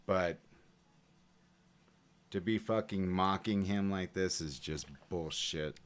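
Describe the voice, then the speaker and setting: A man's voice: low-pitched, takes it slowly, clean tone. A man commenting bluntly and indignantly, swearing as he reacts.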